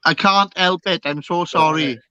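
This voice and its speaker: A Welsh man cracking deadpan absurd jokes in casual banter. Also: a little high, normal speed, a loud crowd, low-quality recording.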